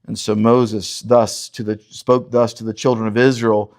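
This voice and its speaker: A man's voice: lowish voice, normal speed. A male pastor preaching an expository sermon. He reads scripture aloud and urges listeners to look closely at each verse. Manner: animated teaching, urges listeners to read verses critically.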